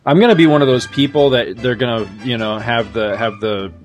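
A man's voice: mid-range voice, fairly quick, soft background music. A man in his fifties hosting a podcast in casual, rambling, self-deprecating chat. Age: 50s. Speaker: podcast host.

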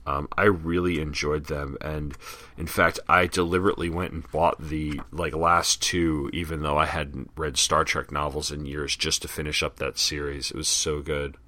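A man with a low pitch and a bright, forceful edge hosts a casual podcast. He reads terms and ads aloud and drifts into chatty asides. The sound is dry and close. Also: flat delivery, moderate pace, no echo. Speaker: podcast host. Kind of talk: casual comic book podcast reading.

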